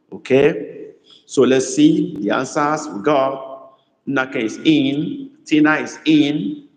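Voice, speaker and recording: Male language tutor in a live class, unhurried and repetitive, echoey room with a long reverb. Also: mid-range voice. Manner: slow, repeats phrases, coaxes students. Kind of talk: live online lesson.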